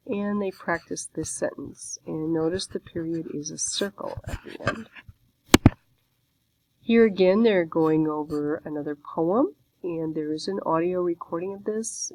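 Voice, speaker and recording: A woman's voice: fairly low pitch, vocal fry, no room sound, rough recording. A woman teaching a beginner Chinese lesson, walking through a textbook page by page in a patient, explanatory way.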